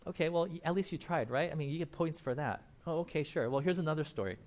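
A young man preaching a casual sermon as pastor, animated, acting out Bible characters and laughing often. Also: a little high, fast talker.

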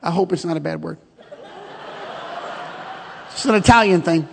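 Middle-aged male preacher, high-pitched, folksy and joking, reverberant sanctuary sound. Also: normal speed, vocal fry, slight background noise. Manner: storytelling, joking, calls out to the congregation. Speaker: pastor. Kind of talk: sermon. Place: church sanctuary.

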